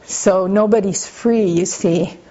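A woman teaching Buddhist practice in an informal dharma talk. She talks in a conversational, gently humorous way and often turns to her listeners with asides. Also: mid-range voice, slow. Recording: slightly muffled lo-fi recording.

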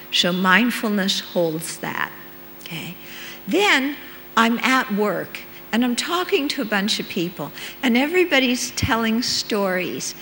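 A meditation teacher gives a conversational dharma talk in an unhurried manner, checking in with her listeners with "okay?" as she explains. Her voice is fairly high, sing-song and sharp-toned. The recording has a long hall reverb and a faint hum.

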